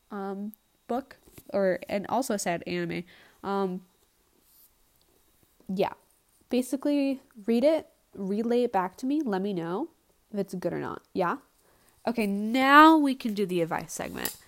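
A young woman hosting her own casual podcast, talking in a rambling, blunt and profane way without a proper microphone. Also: mid-range voice. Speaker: podcast host. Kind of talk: casual solo podcast chat.

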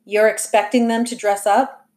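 A woman's voice: mid-range voice, fairly even intonation, normal speed, a little mellow, lightly acted. A woman voicing a grumbling, sulky father. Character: grumbling defensive middle-aged father.

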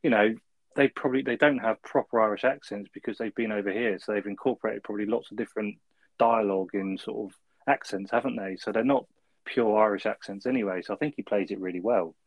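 A man with a fairly low voice speaks quickly on a rough recording with no room sound. He co-hosts a film review podcast in easygoing, casual chat, chuckling and ending his points with tag questions.

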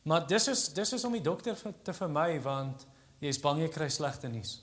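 A man's voice: on the high side, expressive, moderate pace. Earnest Afrikaans-accented male preacher. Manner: earnest, teaching, repeats words while building points. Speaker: pastor. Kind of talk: sermon.

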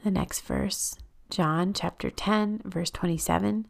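A woman hosting a podcast, leading a guided Christian prayer meditation in a gentle, unhurried way that sometimes drops to a breathy whisper. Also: medium pitch, fairly even intonation.

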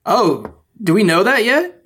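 A man co-hosting a podcast, chatting casually and giving short, relaxed guesses about the story. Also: high-pitched, measured pace, breathy edge. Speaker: podcast co-host. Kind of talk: casual chat.

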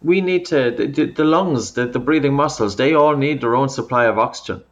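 A man's voice: medium pitch, a little fast. A man working as a breathing coach, patiently explaining in an interview over a remote call, often restarting his sentences. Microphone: remote call audio.

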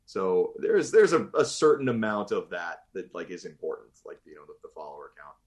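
A man's voice: sits low, big pitch swings, fairly quick. A man from Boston, a voice actor, chatting casually in an interview, rambling and restarting his sentences and laughing easily. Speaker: voice actor guest.

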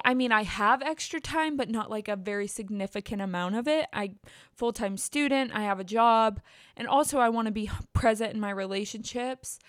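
Young woman, podcast host, casual solo chat, rambling and candid, smooth clear voice, dry close sound. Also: fairly high pitch, no room sound. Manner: candid, rambling, self-deprecating with frequent restarts. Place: indoors at home at her computer.

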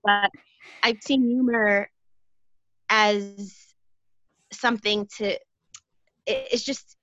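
Woman, casual chat, jokey, bright voice, dull dry recording. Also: mid-range voice, steady tone, dry recording. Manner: chatty, jokey, quick to laugh. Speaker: guest. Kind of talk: casual conversation.

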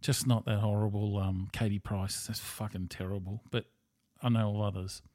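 A man's voice: lowish voice, flat delivery, moderate pace, dark tone, no echo, clean studio sound. An Australian man rambling through a casual monologue as a podcast host, blunt and profane.

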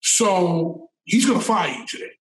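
A middle-aged storyteller guest with a high voice tells a casual story in a loose, animated, unhurried way, cursing freely and repeating words as he builds to his point. A distant mic in a very echoey room gives the recording a roomy sound.

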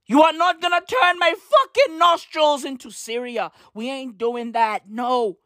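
A woman delivering a comedic rant to camera, loud and profane, with shouted bursts and slang asides. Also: sits high, a little slow, no room sound, clean studio sound. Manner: heavy use of slang asides. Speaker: commentator.

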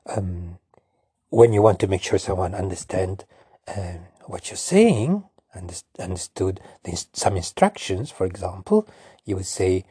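Italian-accented father, casual home lesson, slow and patient, husky warm tone. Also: low voice, expressive, no echo, clean studio sound. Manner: patient, repeats words slowly and coaxes the listener. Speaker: father teaching his daughter.

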